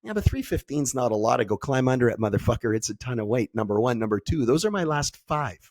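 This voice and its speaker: A man's voice: medium pitch, fast talker. Blunt, profane man telling stories. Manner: blunt, profane, animated storyteller. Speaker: podcast guest. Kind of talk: casual conversation.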